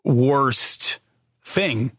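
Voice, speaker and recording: A man's voice: mid-range voice, lively intonation, very slow, fairly bright tone, no echo, clean studio sound. A man co-hosting a podcast in casual chat, rambling with lots of restarts and filler words. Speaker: podcast co-host.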